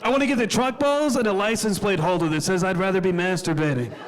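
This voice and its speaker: Crude, deadpan stand-up comedian. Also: male voice, high voice, quick pace. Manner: deadpan, crude, self-deprecating storytelling with acted-out quotes. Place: comedy club stage before a live audience. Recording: live club recording with crowd laughter. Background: audience laughing.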